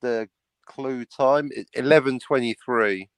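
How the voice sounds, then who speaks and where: A man's voice: mid-range voice, unhurried, clean tone, no echo. An American man cracking jokes in a casual stream chat. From United States. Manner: wisecracking, joke-telling.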